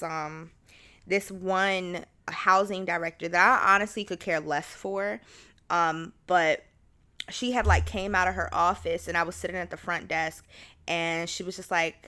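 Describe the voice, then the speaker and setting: A young woman hosts a podcast solo, chatting casually in a low-pitched voice with a fairly bright tone. She's candid and rambling, with lots of fillers and restarted sentences.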